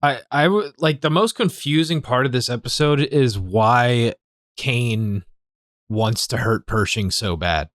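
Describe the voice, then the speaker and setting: A man's voice: mid-range voice, unhurried, fairly bright tone, no room sound. A young man co-hosting a reaction show, chatting in a laid-back, unsure way. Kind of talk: casual chat.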